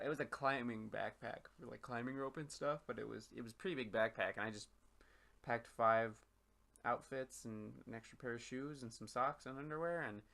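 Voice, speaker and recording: Laid-back young man with a bright voice. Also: mid-range voice, vocal fry. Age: young adult. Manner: laid-back, swears casually, says "man" and "dude". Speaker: podcast co-host. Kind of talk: casual chat.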